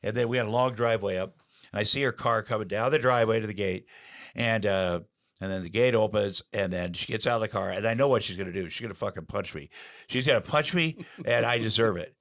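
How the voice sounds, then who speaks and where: A man's voice: on the low side, quick pace, fairly bright tone. A middle-aged man, a guest on an interview show, telling candid stories in a rambling way, with many fillers and restarts.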